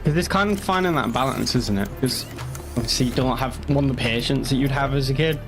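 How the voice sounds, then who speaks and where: A man's voice: mid-range voice, brisk, music in the background. Rambling sweary man from northeast England. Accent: northeast English. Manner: rambling, sweary, answering chat. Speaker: game streamer. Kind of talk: casual live stream chat.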